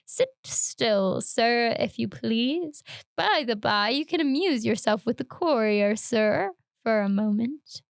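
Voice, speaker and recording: A woman voicing a sinister, oily male barber in a dramatic read-aloud, slow and wheedling with sudden shrill outbursts. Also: lively intonation, gravelly, no echo, studio quality, heavily acted.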